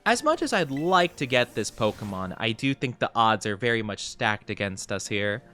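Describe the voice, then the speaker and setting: A young man streaming a game as a VTuber, chatting casually and rambling with lots of fillers and quick laughs. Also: on the low side, very animated, sharp tone, soft background music. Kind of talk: casual chat while playing a game.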